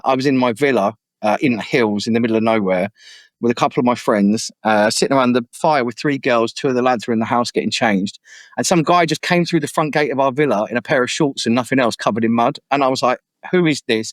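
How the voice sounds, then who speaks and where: A young man, an MC, telling stories casually in an interview and lively acting out the voices of people he quotes. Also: mid-range voice, dry recording. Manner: animated, acts out quoted voices. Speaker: MC and guest artist. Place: podcast studio.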